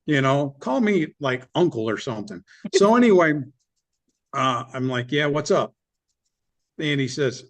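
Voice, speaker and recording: Middle-aged man guest, blunt, animated storyteller with a somewhat high pitch. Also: moderate pace. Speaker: business owner guest. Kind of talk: candid storytelling interview.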